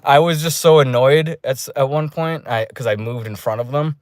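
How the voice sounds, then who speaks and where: A man telling a rambling, profane story in a casual vlog review, with loud re-enacted outbursts. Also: mid-range voice, normal speed, smooth, no room sound, clean studio sound. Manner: loose, restarting delivery. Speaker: movie reviewer. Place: dark room.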